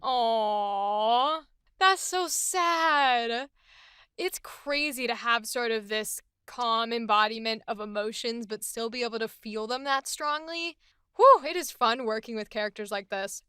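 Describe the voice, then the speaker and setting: A woman's voice: fairly high pitch, a little slow, sharp tone, clean tone, no echo, clean studio sound. A woman voice actress chatting enthusiastically about a character she is voicing. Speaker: voice actress hosting a character series. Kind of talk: casual chat.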